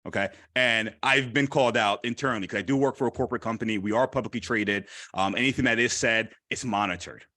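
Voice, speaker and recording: A man speaking candidly at a live event, animated and repeating phrases for emphasis. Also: lowish voice, quick pace, hardly any pauses, no room sound, clean studio sound. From Haitian heritage. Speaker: panel speaker. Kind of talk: candid personal talk.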